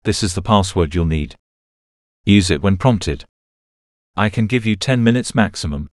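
A man doing a brisk male archive staffer. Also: low voice, animated, no echo, clean studio sound. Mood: instructive.

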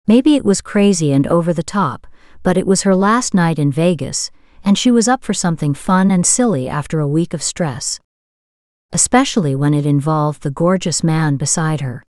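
A woman narrating a romance novel as an audiobook, in a smooth, steady storytelling manner. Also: sits low, moderate pace, dry recording, clean studio sound.

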